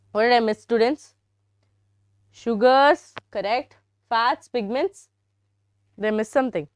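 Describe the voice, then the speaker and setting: A woman's voice: on the high side, takes it slowly, long pauses, dry recording. A young woman with an Indian English accent teaching a live biology class, chatty and teasing, often turning to her students. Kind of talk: live online biology lesson.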